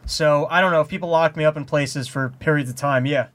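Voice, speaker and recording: A man, a comedian co-hosting a podcast, chatting casually and telling rambling, animated stories. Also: a little high, fairly quick. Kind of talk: casual chat.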